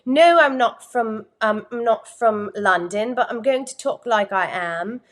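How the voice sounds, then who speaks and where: A woman's voice: a little high, measured pace, lightly acted. A woman putting on a fake London accent. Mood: mocking. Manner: mock-polite, put-on.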